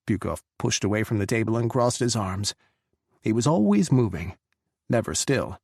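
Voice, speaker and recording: A man reading an audiobook as narrator in a steady, even storytelling manner. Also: on the low side, normal speed, creaky, slightly rough, no room sound, clean studio sound. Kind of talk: scripted narration.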